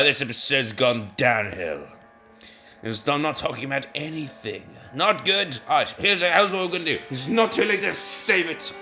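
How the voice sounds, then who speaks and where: Bright, rambling male gamer. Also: fairly high pitch, very animated, moderate pace, faint music behind. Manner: rambling, self-mocking, easily sidetracked. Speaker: gaming video host. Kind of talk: casual rambling gameplay commentary.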